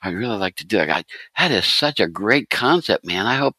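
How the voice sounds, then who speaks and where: A man's voice: fairly low pitch, expressive, brisk, bright, forceful tone, breathy edge, dry recording. A man hosting a comics podcast, praising his guest with enthusiasm and stammering restarts. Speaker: podcast host. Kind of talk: casual interview talk.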